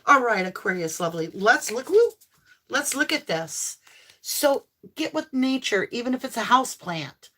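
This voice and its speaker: Effusive woman giving a bright tarot reading. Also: fairly high pitch, sing-song, measured pace. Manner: effusive, exclaiming, affirming. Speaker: tarot reader. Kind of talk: live tarot reading to viewers.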